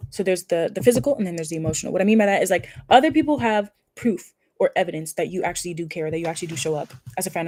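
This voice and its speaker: A woman's voice: on the low side, no room sound. A woman giving a casual pick-a-card tarot reading, effusive and emphatic, with casual swearing. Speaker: tarot reader.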